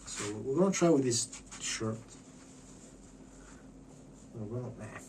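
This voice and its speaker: A man's voice: mid-range voice, expressive, slow pace, noisy background. Rambling, stammering man in a vlog. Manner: rambling, profane, stammering restarts. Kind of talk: casual vlog monologue.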